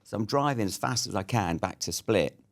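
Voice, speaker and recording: A man's voice: fairly low pitch, expressive, a little fast. A British man in his fifties telling a war story as an interview guest, blunt and swearing freely. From Britain.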